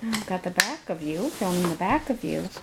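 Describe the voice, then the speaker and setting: A woman's voice: fairly low pitch, sing-song, normal speed, vocal fry, background noise. A young woman filming her toddler at home, coaxing her in a sing-song voice of baby talk. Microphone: handheld camera.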